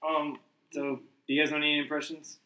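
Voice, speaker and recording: A man's voice: a little high, little pitch movement, brisk, sharp tone. A man hosting a casual podcast with friends, goofing around and steering the talk with questions. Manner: goofy, steering the talk, joking. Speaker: podcast host. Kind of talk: casual chat among friends. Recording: roomy echo.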